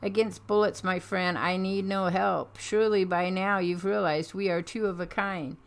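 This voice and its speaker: A woman voicing a calm, resolute male mutant leader in a comic reading, measured and matter-of-fact. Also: mid-range voice, natural voice.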